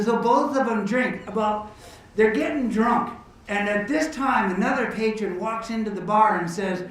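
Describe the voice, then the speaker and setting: High-voiced male entertainer in an echoey hall. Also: normal speed. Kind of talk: joke telling and storytelling to an audience. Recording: echoey hall, distant mic, faint guitar.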